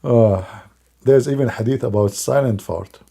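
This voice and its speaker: A man's voice: medium pitch, measured pace, creaky, mellow. A man doing live-stream commentary in a mocking, sarcastic way, with non-native English grammar. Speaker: online religious commentator.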